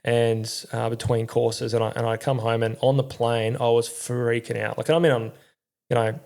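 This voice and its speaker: A man's voice: mid-range voice, little pitch movement, normal speed, gravelly, darkish tone. A middle-aged Australian man telling his story in a candid, rambling way, swearing often and using slang. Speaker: podcast guest, former army crew commander.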